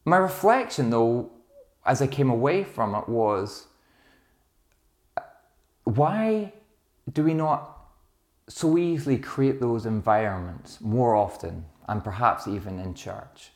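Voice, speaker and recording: A man's voice: mid-range voice, expressive, takes it slowly, long pauses. A middle-aged man, a pastor, preaching a sermon in a reflective, conversational way, telling stories with small restarts.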